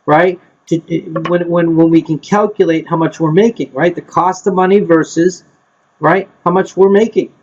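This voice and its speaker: Male instructor, slightly high voice, quizzing a class, dull lo-fi recording. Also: a little mellow. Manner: quizzes the group, repeats himself, frequent "right?" and "okay?". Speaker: real estate investing instructor. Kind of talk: live teaching session. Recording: dull lo-fi sound.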